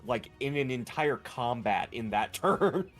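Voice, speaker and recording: Slow, hesitant man at a game table. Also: mid-range voice, lively intonation, soft background music. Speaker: player.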